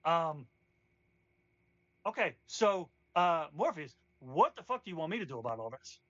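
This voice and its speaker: A man's voice: on the high side, sing-song, moderate pace, a bit bright, no echo, dull audio. Swearing, rambling game master, man. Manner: rambling, casual, swears freely. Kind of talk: narrating a tabletop game.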